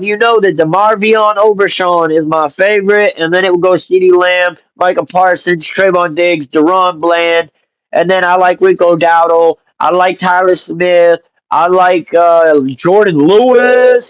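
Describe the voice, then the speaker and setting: A man hosting a casual live stream, greeting chat viewers by name and telling stories in an animated, joking way with some swearing. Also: high-pitched, no echo, lo-fi sound. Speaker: livestream host.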